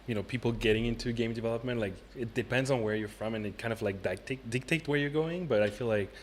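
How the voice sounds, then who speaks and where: A man's voice: mid-range voice, quick pace, slight background noise. An upbeat, chatty man hosting a casual livestream conversation with guests at a convention. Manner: upbeat, chatty, reads out chat messages. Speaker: livestream host. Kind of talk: casual chat. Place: convention venue.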